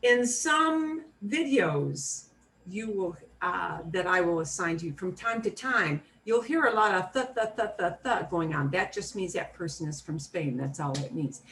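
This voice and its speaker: A woman teaching a beginner Spanish class, modeling words slowly and repeating them for students. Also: on the low side, lively intonation, a bit bright, a little hiss or hum, rough recording. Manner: slow, clearly modeled pronunciation with repetition drills.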